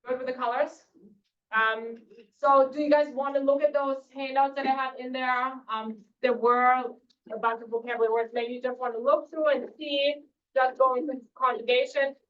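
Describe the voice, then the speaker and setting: A woman's voice: high voice, steady tone, moderate pace, reverberant. A woman teaching a beginner language class, patiently repeating words and using lots of fillers. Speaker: German teacher. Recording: distant mic, dull lo-fi classroom recording.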